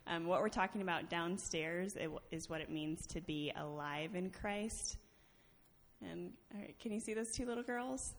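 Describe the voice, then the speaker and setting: A woman's voice: on the low side, moderate pace. A woman sharing a personal testimony with a church congregation in a chatty storytelling way, laughing often and using many fillers. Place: church sanctuary. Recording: long reverb of a large hall.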